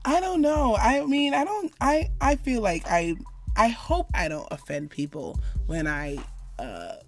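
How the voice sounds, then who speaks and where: Halting, lively woman podcaster from Jamaica. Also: a little high, faint music behind. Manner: halting, many restarts. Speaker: podcast co-host. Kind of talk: casual chat.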